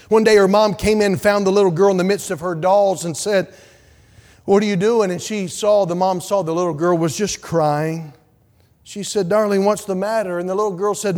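A pastor preaching a sermon, swelling to loud fervor and then dropping to soft, hushed pleading. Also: male voice, high voice, normal speed. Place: church sanctuary. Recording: long hall reverb.

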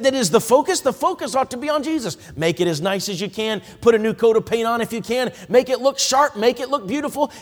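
A man preaching a sermon as an evangelist, reading scripture in old-fashioned wording and building to impassioned shouts. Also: very high-pitched, big-room sound.

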